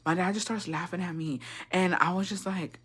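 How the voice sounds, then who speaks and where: A woman's voice: lowish voice, steady tone, moderate pace, a bit bright, breathy edge. A young woman telling a story in a casual, rambling way, swearing a lot and slipping into Spanish. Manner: profane, rambling, switches into Spanish. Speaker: vlogger.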